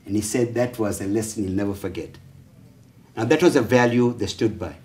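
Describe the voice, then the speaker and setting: Speaking fairly quickly in a lowish, slightly mellow voice, a man gives a story-driven workshop lecture on family life. He acts out conversations in changed voices, his delivery peppered with hesitant fillers. Echo fills the roomy talk venue, captured by a mic placed far away.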